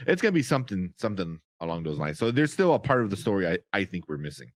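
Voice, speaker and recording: A man co-hosting a podcast, recapping a TV episode in a rambling, casual way that turns animated when he gets excited. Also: sits low, fast talker, dry recording, clean studio sound. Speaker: podcast co-host.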